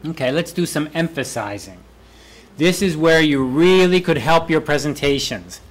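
Lively professor drilling words aloud. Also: male voice, fairly high pitch, normal speed. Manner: repeats key words aloud for emphasis, lively and playful. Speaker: university English professor. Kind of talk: classroom lecture. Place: university classroom.

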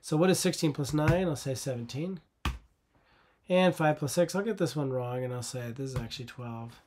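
A man's voice: mid-range voice, normal speed, a little mellow, a little hiss or hum. A man teaching a coding lesson over a screen recording, patient and conversational, often asking the viewer rhetorical questions.

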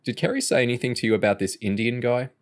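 An earnest, awkward teenage boy who sounds unsure of himself, in an audiobook reading. A man voices him, lifting his pitch slightly. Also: fast, close to an everyday voice.

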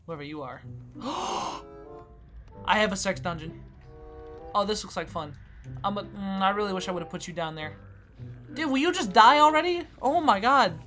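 A woman giving casual commentary on her own gameplay, playfully taunting the other players and swinging from quiet mutters to loud squeals. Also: mid-range voice, animated, fairly quick, soft background music. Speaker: gaming YouTuber.

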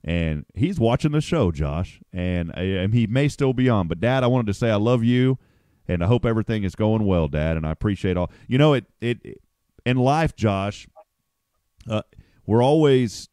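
Upbeat male morning radio host, lowish pitch, dry close-miked sound. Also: lively intonation, moderate pace, dark tone, no echo. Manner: upbeat, chatty, greets listeners by name. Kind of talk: casual morning show chat.

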